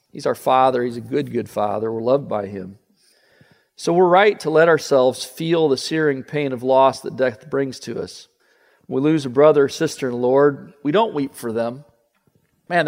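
A man preaching a sermon as pastor, earnest, often repeating words and dropping to a soft voice. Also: on the high side, long reverb tail.

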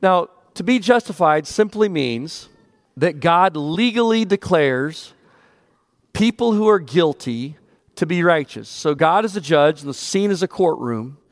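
A man's voice: a little high, expressive, unhurried, no echo, studio quality. A male pastor delivering a sermon in an earnest preaching manner that rises with emphasis.

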